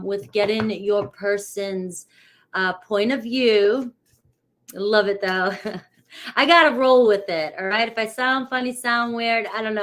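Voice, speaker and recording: A woman's voice: medium pitch, a bit bright. A middle-aged woman from New England who reads tarot, chatting casually on a live stream and greeting viewers by name in a rambling way. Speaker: tarot reader.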